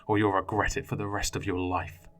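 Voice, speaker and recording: A man plays a raging foster father in a horror story, deep and loud. Each threat comes out as a snarl or a roar. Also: moderate pace, slight background noise. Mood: furious.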